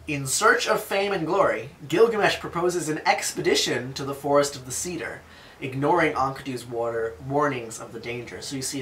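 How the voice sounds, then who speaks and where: A man's voice: mid-range voice, a bit bright, echoey room, a little hiss or hum. A man reading an ancient epic aloud and explaining it in a casual, chatty way with jokey asides.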